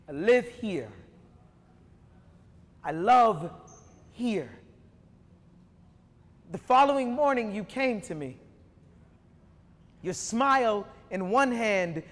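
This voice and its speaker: A man performing slam poetry before an audience, rhythmic, with emphatic rises between relaxed, joking asides. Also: high-pitched. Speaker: performance poet. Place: university hall before an audience. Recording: long hall reverb from a live stage.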